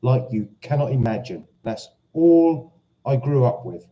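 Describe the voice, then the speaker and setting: Slow, dark-voiced Cockney man. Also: medium pitch, animated, muffled recording. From London. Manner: chatty, teasing, easily confused. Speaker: livestream host. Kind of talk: casual live chat reading viewer comments.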